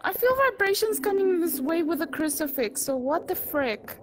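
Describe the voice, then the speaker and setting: A woman playing a game and giving casual commentary, swearing and reacting out loud as she goes. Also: extremely high pitch, sing-song, moderate pace, background noise. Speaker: gamer.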